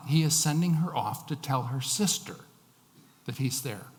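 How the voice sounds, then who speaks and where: A man preaching a sermon as a pastor, telling stories with shifting emphasis. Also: fairly high pitch. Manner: storytelling, varied emphasis. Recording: long hall reverb.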